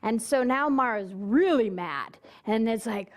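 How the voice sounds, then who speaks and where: A woman's voice: fairly high pitch, animated, unhurried. Woman minister telling a story in a sermon. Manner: storytelling, acts out quoted voices; questions the congregation directly.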